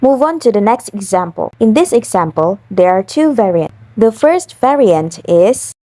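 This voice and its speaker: A young woman from Indonesia, a university student, narrating a prepared phonetics explanation in a careful, even reading voice. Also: mid-range voice, moderate pace, no room sound. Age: young adult. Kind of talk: scripted narration.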